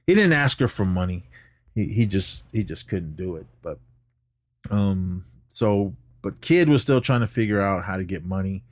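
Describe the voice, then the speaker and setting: Podcast co-host, male, easygoing and animated movie recap, laughs a lot, dry close mic. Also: moderate pace, dry recording. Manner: animated retelling, jumps up in pitch when quoting characters; laughs often while talking.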